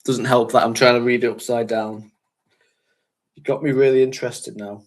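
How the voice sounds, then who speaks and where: A man's voice: medium pitch, level tone, normal speed. A man from North West England, hosting a casual livestream chat and rambling, chatting and laughing often. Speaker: fragrance channel host.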